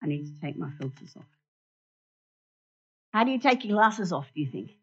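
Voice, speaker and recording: Woman, lowish voice, lively church talk with props, questions the congregation, muffled lo-fi recording. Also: normal speed, husky. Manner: animated, asks the congregation questions. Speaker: church speaker. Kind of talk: interactive sermon with props. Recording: dull lo-fi recording.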